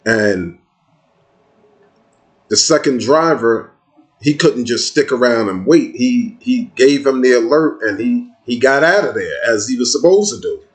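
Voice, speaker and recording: A man's voice: mid-range voice, expressive, a little slow. A man with a casual, streetwise manner, telling a personal story in an emphatic, conversational monologue.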